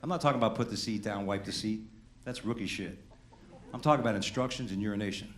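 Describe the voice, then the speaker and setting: A man's voice: lowish voice, fast. A middle-aged man from Queens doing brash, conversational stand-up on a comedy club stage into a handheld mic. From Queens, New York. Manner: brash, conversational, teasing the crowd. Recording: roomy club sound with ambient noise.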